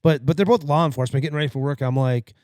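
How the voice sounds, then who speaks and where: A man co-hosting a podcast, telling a story in casual chat, profane and animated, acting out what people said. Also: fairly high pitch, racing, no room sound, studio quality. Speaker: podcast co-host.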